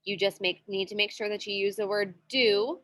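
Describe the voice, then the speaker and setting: A woman's voice: mid-range voice, steady tone, normal speed, fairly bright tone. A woman teaching a grammar lesson in a classroom, patient and repetitive, checking in often with the students. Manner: patient, repeats with frequent "okay?" checks.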